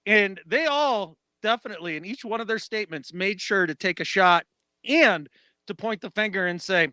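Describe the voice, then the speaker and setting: A man co-hosting a casual sports podcast, animated and acting out quotes in mock voices. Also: sits high, moderate pace, clean tone, no echo. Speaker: podcast co-host.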